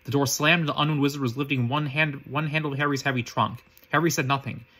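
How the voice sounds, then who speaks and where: A man's voice: mid-range voice, fairly even intonation, sharp tone, breathy edge. A man reading a fan story aloud, stumbling often and restarting words. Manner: halting, frequent restarts and slips. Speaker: reader.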